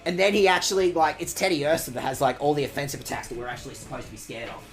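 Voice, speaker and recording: A man's voice: fairly high pitch, animated, rapid-fire, soft background music. A man streaming a video game with sarcastic, rambling commentary and mock-outraged asides. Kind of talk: sarcastic let's-play commentary.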